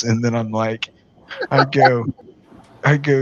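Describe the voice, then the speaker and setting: A man's voice: mid-range voice, steady tone, slow pace, long pauses. A man casually telling a long, profane story to friends, laughing often as he talks. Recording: dull lo-fi sound with faint noise.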